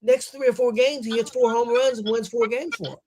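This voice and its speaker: Combative man with a high voice. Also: fairly even intonation, brisk, darkish tone, slight background noise. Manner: combative, profane, laughs often. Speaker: sports show co-host. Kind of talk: casual sports banter.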